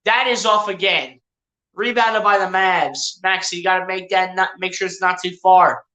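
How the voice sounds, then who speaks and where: Bright, chatty play-by-play streamer in an echoey room. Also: medium pitch, moderate pace. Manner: chatty, addresses players and viewers directly, self-correcting. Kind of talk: casual live play-by-play commentary.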